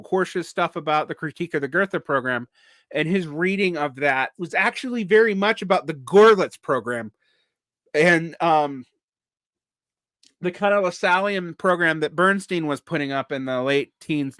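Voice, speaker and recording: A man with a Southern US accent hosts a live solo vlog and works through his points aloud. His delivery is halting, full of restarts and fillers, in a bright, forceful voice on the higher side. The sound is dry, with no room echo. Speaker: vlog host. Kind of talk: casual live commentary.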